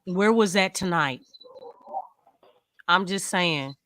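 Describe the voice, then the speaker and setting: A woman's voice: fairly low pitch, slow, fairly bright tone, dry recording. A woman co-hosting a casual basketball postgame chat, talking emphatically and arguing her point. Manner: emphatic, argumentative. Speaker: co-host.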